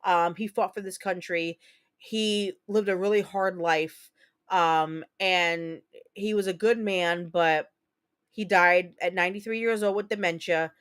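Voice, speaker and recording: A woman's voice: lowish voice, steady tone, a little slow, fairly bright tone, clear, resonant tone. A woman in her thirties hosting a casual livestream chat, talking candidly and profanely as she tells stories and answers viewer comments. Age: 30s. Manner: candid, profane, chatty storyteller. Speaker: livestream host.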